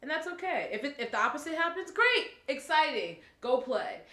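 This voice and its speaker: Giggly bright woman from New Jersey. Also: high voice, sing-song, moderate pace, echoey room. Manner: giggly, playful banter. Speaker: podcast co-host. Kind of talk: casual chat.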